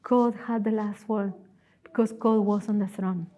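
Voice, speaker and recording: A woman with a non-native English accent, preaching a sermon as a guest speaker in a church, in an earnest, emphatic storytelling manner with dramatic pauses. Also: medium pitch, fairly even intonation, mellow.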